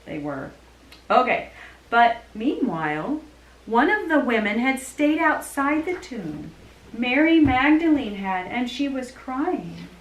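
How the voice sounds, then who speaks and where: A woman teaching a children's church lesson, telling a Bible story to kids in an animated storytelling way. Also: on the high side, slow. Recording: echoey room.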